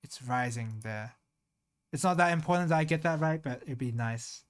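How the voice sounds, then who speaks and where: A streamer thinking aloud in casual live-stream talk, slowly sounding out Japanese words syllable by syllable and trailing off into mutters. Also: medium pitch.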